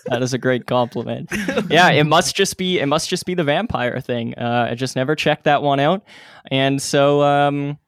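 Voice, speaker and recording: A man's voice: medium pitch, moderate pace, smooth, no echo, studio quality. A man co-hosting a podcast, talking candidly and correcting himself as he goes. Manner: self-correcting, hesitant, candid. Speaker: podcast co-host. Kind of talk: casual podcast chat.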